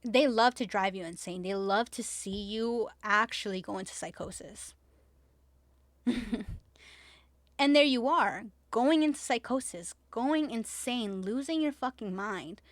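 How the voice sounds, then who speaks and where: A woman's voice: mid-range voice, a bit bright, no echo. A woman hosting a podcast in casual chat, talking emphatically with lots of "like", repeating herself and swearing freely. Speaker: podcast host.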